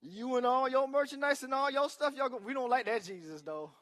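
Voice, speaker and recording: A male pastor preaching a sermon with emphatic call-and-response asides, swinging between loud declarations and quiet remarks. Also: very high-pitched, a little fast.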